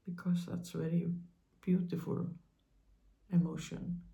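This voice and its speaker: A woman hosting her own spiritual channel, speaking in a gentle, halting monologue with many pauses and fillers, offering tender reassurance to her listeners. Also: fairly low pitch, little pitch movement, vocal fry.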